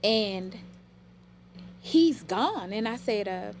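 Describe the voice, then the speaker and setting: A middle-aged woman speaks in a casual podcast chat, recounting family memories with open emotion. Her voice sits at an ordinary pitch, and a faint hiss runs under it. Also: lively intonation, drawn-out words, a little mellow. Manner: emotional, storytelling. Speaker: podcast guest.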